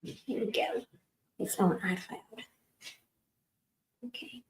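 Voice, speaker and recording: A woman's voice: mid-range voice, takes it slowly, slight background noise, rough recording. A middle-aged woman hosting a casual trivia livestream, rambling and chatty, laughing often and talking straight to her viewers.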